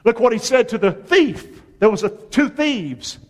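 A man preaching a sermon as a pastor, speaking lively and drawing call-and-response from the congregation. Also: very high voice, measured pace. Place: church hall with long reverb. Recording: reverberant church hall.

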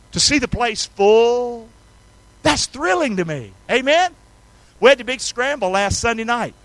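A male pastor from North Carolina, preaching a sermon with enthusiasm, calling on the congregation to respond and swinging between loud and quiet passages. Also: very high voice, dry recording, rough recording.

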